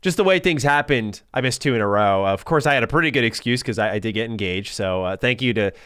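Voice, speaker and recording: A man's voice: mid-range voice, expressive, fast talker, fairly bright tone, smooth, dry recording, clean studio sound. A man hosting a casual podcast, upbeat and chatty, his voice still recovering from illness. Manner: upbeat, chatty, laughs easily. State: recovering voice, occasional cough. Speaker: podcast host.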